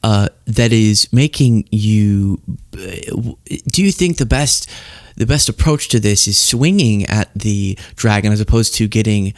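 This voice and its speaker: A man's voice: on the low side, a little slow, hardly any pauses. A man hosting a political commentary show, talking casually and sarcastically, acting out exaggerated voices.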